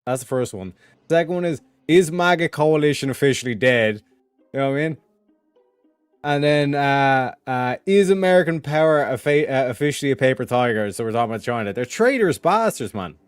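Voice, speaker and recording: A man's voice: medium pitch, brisk, clean tone, dry recording, soft background music. A man chatting casually on a livestream, rambling and swearing, with a lot of filler phrases, talking to his viewers from a home setup. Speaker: streamer.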